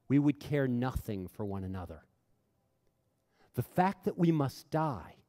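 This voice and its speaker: Before an audience in a large hall, a middle-aged humanist chaplain delivers an impassioned talk, telling stories earnestly and repeating phrases for emphasis. His voice is mellow and mid-range. A long hall reverb trails his words.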